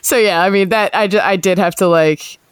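A woman's voice: medium pitch, fairly quick, clean tone, no room sound. Woman, podcast host, chatty, laughing, dry close sound. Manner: chatty, laughing, many fillers. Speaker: podcast host, sports reporter. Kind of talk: casual sports chat.

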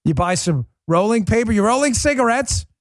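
A man's voice: sits high, lively intonation, a little fast, no echo, studio quality. Sarcastic man hosting a commentary show. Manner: sarcastic, emphatic, talks straight to listeners. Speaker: show host.

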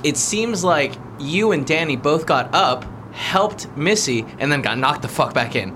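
A man's voice: fairly high pitch, expressive, measured pace, noisy background. A man on a casual talk show, bluntly chiming in with corrections. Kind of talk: casual chat.

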